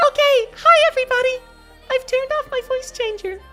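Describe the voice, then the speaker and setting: A man on a livestream putting on the voice of a shy young woman, in an exaggerated mock-shy falsetto. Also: normal speed, over music. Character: insecure young woman, high squeaky falsetto. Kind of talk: joking bit on a livestream.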